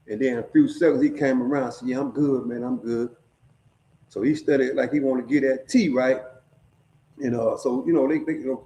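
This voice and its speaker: A man's voice: medium pitch, warm tone. A middle-aged man casually telling a story, streetwise and profane, often checking in with his listeners. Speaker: storyteller sharing prison stories. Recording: echoey room.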